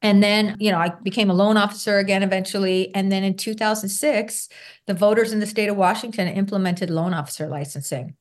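A middle-aged woman speaking as an interview guest, her voice sitting at an ordinary middle pitch. She talks earnestly and conversationally, relives past conversations by acting out what people said, and keeps tossing in little tag questions to make sure the listener follows. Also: fairly even intonation, brisk. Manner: acts out remembered dialogue. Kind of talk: conversational personal storytelling.

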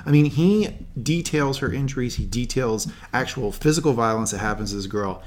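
A man co-hosting a podcast, giving emphatic, animated opinions in casual review chat. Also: mid-range voice, brisk. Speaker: podcast co-host.

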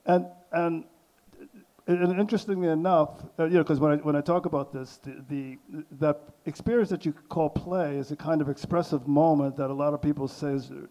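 An older man speaking on a panel, halting and full of restarts and fillers as he works through his thoughts. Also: on the high side, steady tone, mellow, muffled recording. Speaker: artist on a panel. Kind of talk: hesitant panel talk.

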